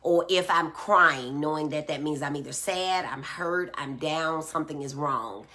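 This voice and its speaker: Her voice sits low, unhurried, bright and forceful. A middle-aged woman running a live stream from a phone or tablet, she reads out what viewers write and patiently explains with examples from everyday life.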